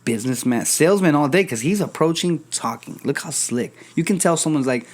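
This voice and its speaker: Podcast host, young adult man, animated storyteller, casual and profane. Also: a little high, a little fast. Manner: animated storyteller, acts out quoted voices, swears casually. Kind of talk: casual chat.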